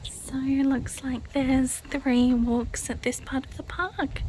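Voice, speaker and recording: A young Australian woman from Western Australia narrating a casual travel vlog outdoors on walking trails. She talks in a relaxed, chatty way, often dropping into a hushed whisper. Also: high voice, takes it slowly, hardly any pauses, a little hiss or hum. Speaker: travel vlogger. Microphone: handheld camera.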